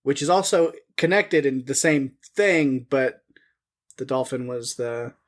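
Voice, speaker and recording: A man's voice: mid-range voice, expressive, unhurried. A man co-hosting a podcast, chatting casually about a film in a wry, sarcastic way and laughing often. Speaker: podcast co-host. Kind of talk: casual chat reviewing a film.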